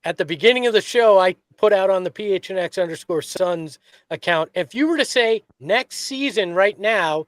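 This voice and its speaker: A man's voice: high voice, expressive, normal speed, dry recording. A man co-hosting a sports podcast, chatting casually with dry teasing. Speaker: podcast co-host.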